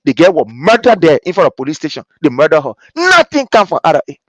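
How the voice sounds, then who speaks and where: Hosting a political commentary show, a man with a Liberian English accent talks fast in a slightly high voice. He's animated and repetitive, imitating the people he quotes, and the recording is dry.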